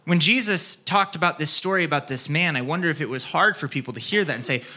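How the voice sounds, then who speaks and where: A man preaching a sermon, telling a childhood story with lively acted-out scenes and dropping to a soft, quiet tone for his main points. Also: fairly high pitch, fast talker. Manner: animated storytelling, acts out scenes, drops soft for key points. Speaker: pastor.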